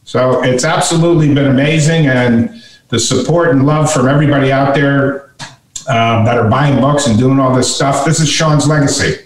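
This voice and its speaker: A man's voice: medium pitch, moderate pace. A middle-aged man, a guest author, telling a story in conversation and animatedly acting out the voices he quotes. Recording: echoey room, voice from far off.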